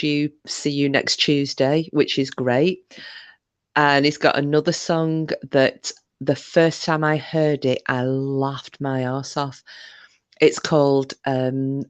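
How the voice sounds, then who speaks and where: A woman's voice: sits low, fairly even intonation, takes it slowly, clear, resonant tone, dry recording. A woman hosting a livestream in casual chat, rambling and often breaking into giggles. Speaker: livestream host.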